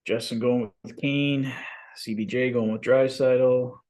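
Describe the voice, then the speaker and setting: A man's voice: mid-range voice, fairly even intonation, takes it slowly, a little mellow. A man co-hosting a fan watch stream, casually reading out viewers' picks and chatting about the game.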